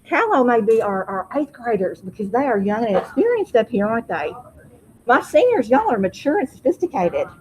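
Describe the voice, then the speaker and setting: A woman teaching a high school vocabulary lesson in a classroom, having students repeat each word. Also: sing-song, a little fast, a little hiss or hum, low-quality recording. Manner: drills pronunciation, asks class to repeat words.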